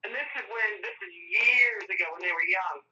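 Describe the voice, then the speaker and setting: A woman's voice: medium pitch, a little fast, sharp tone. A woman calling in to a live stream, chatting eagerly and laughing often. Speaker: caller. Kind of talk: casual call-in chat. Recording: distant tinny phone line.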